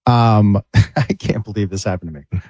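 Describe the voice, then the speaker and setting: A man telling a story in a casual radio chat, acting out other people's lines in a higher voice. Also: normal speed, darkish tone, no room sound. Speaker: podcast co-host.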